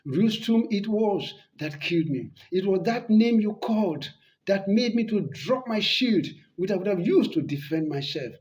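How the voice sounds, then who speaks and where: A young male warrior, a dying son, speaks in a high voice and says each plea over and over, as a man puts him on in his own voice. His lines come out pleading and repeated. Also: lively intonation, normal speed, darkish tone. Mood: defiant.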